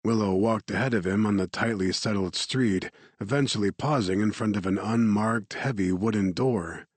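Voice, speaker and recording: A man reading an audiobook in steady, measured narration. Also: fairly low pitch, no room sound.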